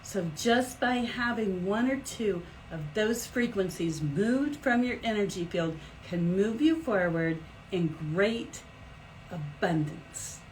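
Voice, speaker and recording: A middle-aged woman hosting a live stream as an energy healer, talking in a chatty, animated way with big swoops in pitch. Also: slight background noise, poor audio. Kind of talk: casual live-stream talk.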